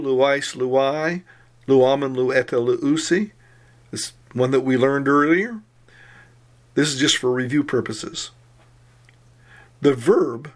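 Methodical man teaching Greek grammar. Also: on the high side. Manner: methodical, explains slowly and spells out forms. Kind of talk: recorded grammar lecture.

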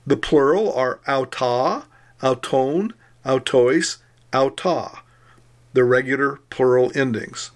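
Male lecturer, mid-pitched, methodical grammar teacher reciting forms. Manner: methodical, explains slowly and spells out forms. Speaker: Greek teacher.

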